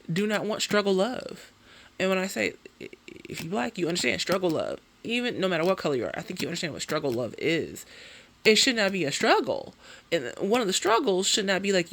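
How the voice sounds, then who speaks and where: A woman in her thirties chatting casually as a beauty vlogger, animated and ranting, often tagging her points with "okay?". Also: on the low side, creaky. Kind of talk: casual chat.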